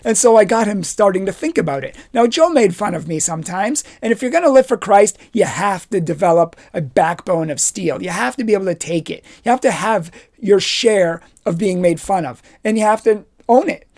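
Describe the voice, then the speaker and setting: Animated man telling a faith story. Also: high voice, brisk, few pauses. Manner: animated storytelling, acts out dialogue. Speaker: confirmation retreat speaker. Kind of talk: youth retreat talk.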